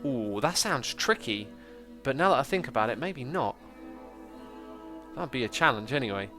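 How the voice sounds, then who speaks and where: A man hosting a casual gameplay livestream, chatting, thinking out loud and answering viewer comments. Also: medium pitch, expressive, normal speed, faint music behind. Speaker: livestream host.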